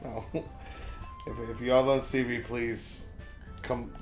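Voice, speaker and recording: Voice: mid-range voice, little pitch movement, slow, reverberant, soft background music. A co-host bantering during a casual game playthrough, teasing and joking, sometimes drawing words out.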